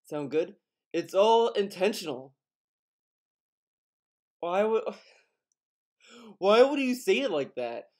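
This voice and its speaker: Young male commentator, higher-pitched, scornful and profane, exasperated edge. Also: sing-song, slow, long pauses, a little mellow. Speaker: commentary youtuber. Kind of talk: sarcastic commentary.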